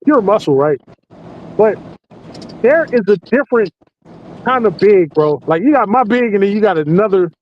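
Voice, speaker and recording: A man in his forties with a high voice spins a profane, animated story in casual chat. He laughs often. The sound is muffled and lo-fi, with a faint hiss. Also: moderate pace, pauses often. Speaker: podcast host working night security patrol.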